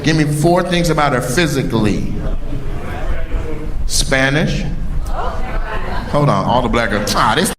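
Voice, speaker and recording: A man's voice: mid-range voice, animated, measured pace, long pauses, heavy background noise. A male stand-up comedian doing crowd work on a club stage, brash and teasing, often laughing as he talks. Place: comedy club stage before a live audience. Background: audience laughter and clapping.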